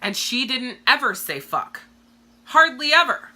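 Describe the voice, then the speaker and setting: A woman's voice: sits high, big pitch swings, measured pace, sharp tone. A woman coach talking bluntly and profanely in a casual live-stream monologue to her viewers. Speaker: direct sales coach.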